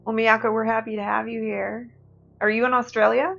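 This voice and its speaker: A woman's voice: fairly high pitch, flat delivery, fairly quick, vocal fry, fairly bright tone, faint music behind. A woman co-hosting a live stream, chatting and reading out viewer comments. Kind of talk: casual live-stream chat. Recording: dull lo-fi stream audio.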